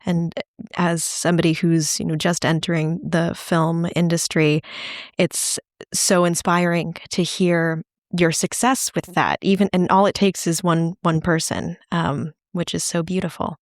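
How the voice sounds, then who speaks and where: Young woman co-host, low and even delivery, dry sound, careful questions. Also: unhurried, no room sound. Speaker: student co-host.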